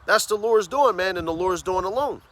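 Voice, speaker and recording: A man preaching on the street, fervent, tagging phrases with "man" and "all right?" and reading scripture slowly and emphatically. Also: high voice, a bit bright. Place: outdoors on a city street.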